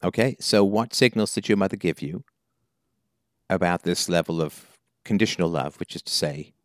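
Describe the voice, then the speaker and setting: A man's voice: low-pitched, normal speed, dry recording, studio quality. A man hosting a call-in advice show, questioning a caller bluntly and emphatically. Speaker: call-in show host, philosopher.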